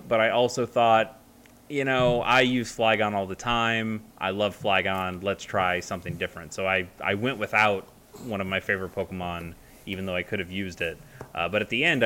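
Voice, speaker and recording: A man's voice: lowish voice, pushed and bright. A man chatting casually as a co-host, rambling with many fillers and restarts. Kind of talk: casual chat.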